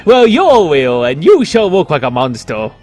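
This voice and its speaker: A man's voice: fairly high pitch, wildly swooping pitch, normal speed, darkish tone, soft background music. A man voicing a vain, flamboyant male dandy in a video game, speaking pompously and theatrically. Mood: haughty. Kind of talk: reading game dialogue aloud.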